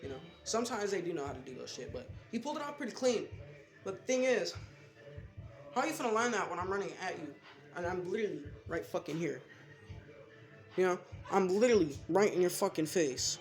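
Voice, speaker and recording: A man's voice: high voice, expressive, brisk. A young man in his late teens telling rambling, profane, slangy stories in a casual vlog from his bedroom. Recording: echoey room with music behind.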